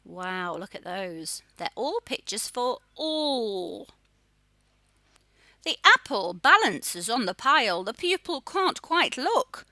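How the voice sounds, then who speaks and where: A woman teaching young children to read, her voice bright and clear, with a dry, close sound and no room around it. She speaks slowly and sounds out each letter in a lively, sing-song way that rises high and drops low. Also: dry recording. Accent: Australian. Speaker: phonics teacher. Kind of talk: children's phonics lesson.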